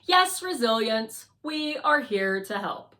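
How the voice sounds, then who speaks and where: A woman's voice: a little high, very animated, slow pace, sharp tone, exaggerated voice. A woman voicing a stiff, formal guardian robot that speaks primly and teases dryly. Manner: prim and formal, dryly teasing.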